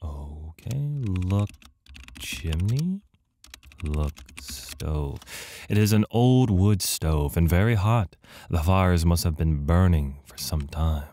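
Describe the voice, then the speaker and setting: Man, let's play commentary, deep voice, lively intonation, slow, mellow, joking and self-mocking. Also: slight background noise. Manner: jokey, self-mocking, reads game text aloud. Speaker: gamer playing through an adventure game.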